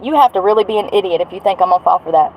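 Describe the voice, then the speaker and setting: A woman's voice: mid-range voice, very fast, dull audio, slight background noise. A woman venting bluntly on a livestream, swearing as she rants. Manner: angry, blunt, swearing rant. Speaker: vlogger.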